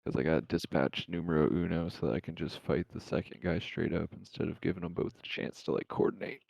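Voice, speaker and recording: A man's voice: sits low, fairly even intonation, fairly quick, gravelly, darkish tone, no echo. A man playing a tabletop game, explaining his moves in a laid-back, rambling way. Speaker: player. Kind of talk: casual tabletop game chat. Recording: dull lo-fi mic.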